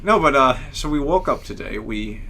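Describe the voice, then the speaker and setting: A young man chatting casually at a middle pitch, stumbling and restarting as he talks, quick to poke fun at himself. A faint hiss sits under his voice. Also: lively intonation, sharp tone. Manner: halting, restarts often, self-deprecating. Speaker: podcast co-host. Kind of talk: casual chat.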